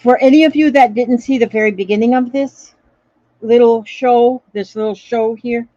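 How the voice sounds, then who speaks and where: A woman's voice: fairly high pitch, steady tone, normal speed, warm tone, no echo, lo-fi sound. A woman chatting casually through a crafting livestream, repeating little phrases to herself as she works. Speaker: craft vlogger reading live comments.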